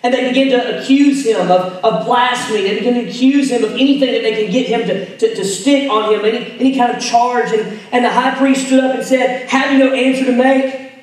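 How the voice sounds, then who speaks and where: A man preaching a sermon, retelling a scripture story, dropping to hushed tones and rising to emphatic ones. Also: very high-pitched, a little fast, hardly any pauses. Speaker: pastor. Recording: echoey hall, mic at a distance.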